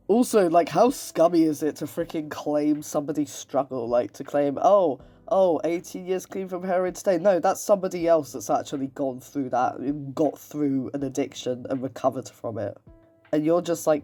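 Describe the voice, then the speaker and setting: A man's voice: on the high side, a little mellow. A man hosting a casual reaction commentary, sarcastic and mocking, often laughing. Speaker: commentary video host.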